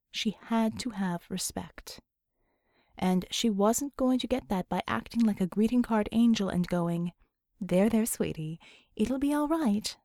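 Mellow-voiced woman narrating an audiobook. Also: a little high, no room sound, studio quality. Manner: expressive, measured storytelling. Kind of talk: scripted narration.

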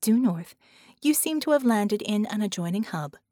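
A woman's voice: medium pitch, animated, moderate pace, mellow, no room sound, studio quality, lightly acted. A woman reader voicing a polite, matter-of-fact artificial helper that speaks in someone's ear.

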